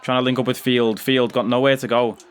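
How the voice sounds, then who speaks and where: Male gaming YouTuber, chatty play-by-play that jumps to loud cheers. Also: medium pitch, a little fast, clear, resonant tone. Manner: chatty, excitable, bursts into loud cheers on goals. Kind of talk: gameplay commentary.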